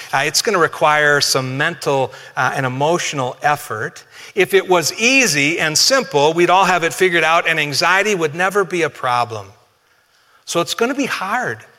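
Bright-voiced preacher in a reverberant hall. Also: male voice, a little high. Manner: conversational, humorous, addresses congregation directly. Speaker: pastor. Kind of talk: sermon.

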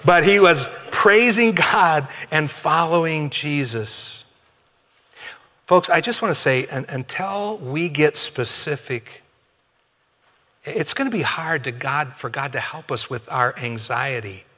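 A man preaches in a bright, fairly high voice, talking to his congregation in a relaxed way with some humor. His words ring out under the long reverb of a church hall. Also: takes it slowly. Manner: conversational, humorous, addresses congregation directly. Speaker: pastor. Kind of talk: sermon.

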